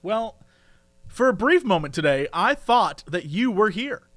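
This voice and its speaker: Lively, bright-voiced man telling a story. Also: high voice, measured pace, dry recording, studio quality. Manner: animated storyteller, acts out quoted voices, laughs often. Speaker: podcast co-host. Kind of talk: casual chat.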